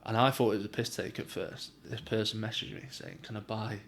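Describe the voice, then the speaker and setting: A man's voice: on the low side, flat delivery, brisk, a bit bright. Mancunian man telling stories, chatty. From England. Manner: chatty storytelling, swears, many "like" fillers. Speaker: professional boxer guest. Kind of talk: casual chat.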